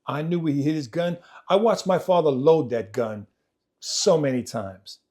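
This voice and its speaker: A man telling his own life story on a podcast, swinging between loud, animated moments and quiet, low passages, often repeating himself as he goes. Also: normal speed. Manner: vivid, repetitive retelling that acts out family members' voices. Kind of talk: personal storytelling in conversation.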